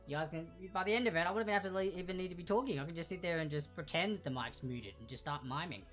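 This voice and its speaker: A man's voice: on the high side, fast talker, a bit bright, faint music behind. A young man hosting a livestreamed quiz night in a casual, joking, self-deprecating way, laughing often. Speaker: trivia quiz host.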